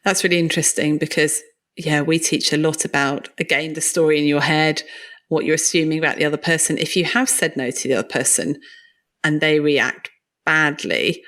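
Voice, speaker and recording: Animated woman podcast host. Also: low-pitched, fairly quick. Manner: reflective, animated, laughing. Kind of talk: conversational podcast interview.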